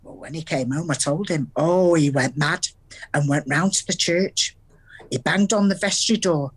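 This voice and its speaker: A chatty Salford gran. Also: female voice, sits low, breathy edge. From Salford, England. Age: older. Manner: storytelling, earthy, quick to laugh. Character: warm chatty Salford grandmother with dementia. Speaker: grandmother.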